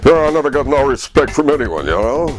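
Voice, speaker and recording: A man's voice: mid-range voice, sing-song, fast talker, faint music behind, voice pushed up, close to an everyday voice. A man doing a whiny hangdog comic. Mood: aggrieved. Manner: whiny, put-upon. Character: hangdog self-pitying male comedian.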